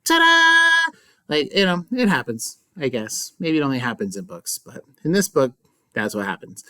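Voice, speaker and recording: Recapping a book chapter, this English teacher is very animated, speaking in a medium pitch at a moderate pace. The chatty, casual delivery turns playful and mock-dramatic, full of asides and jokes. The recording has no room sound.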